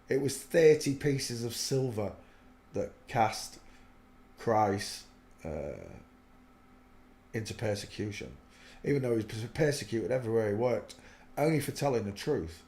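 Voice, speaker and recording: A man's voice: mid-range voice, a little mellow. A man giving earnest, preachy spoken commentary on faith, rambling with many fillers, in an echoey room. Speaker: religious video host.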